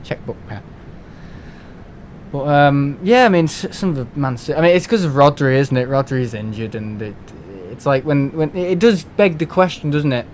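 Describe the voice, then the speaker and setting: A man's voice: a little high, normal speed, darkish tone, slight background noise. A man from England chatting casually and rambling on a live game stream from home, with lots of restarts and fillers.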